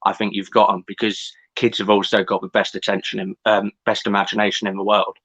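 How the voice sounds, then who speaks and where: A man co-hosts a podcast, talking in a hesitant way with restarts. His voice is low yet bright. The sound is a little muffled and lo-fi. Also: flat delivery, a little fast, breathy edge. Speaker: podcast co-host. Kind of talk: casual podcast chat.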